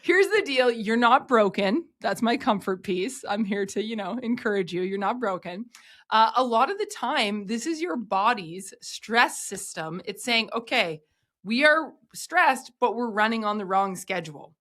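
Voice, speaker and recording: A woman's voice: mid-range voice, normal speed, fairly bright tone. A woman hosting a podcast, upbeat and encouraging in casual chat, often laughing. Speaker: podcast host.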